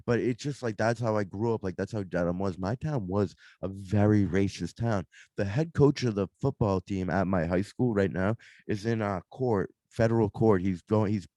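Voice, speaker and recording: A young man with a low, warm voice. He talks bluntly in casual radio banter, swearing freely. The sound is dry, close and without room echo. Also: normal speed, hardly any pauses. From Massachusetts, near Boston. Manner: blunt, swears freely, says "bro" and "dude". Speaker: podcast co-host. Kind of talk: casual profane chat.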